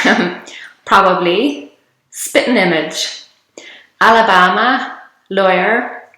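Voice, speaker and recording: Slow-spoken Irish woman, bright voice. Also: on the low side, echoey room. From Ireland. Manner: chatty, laughs often between words. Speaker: vlogger. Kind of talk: casual vlog, reading a word list.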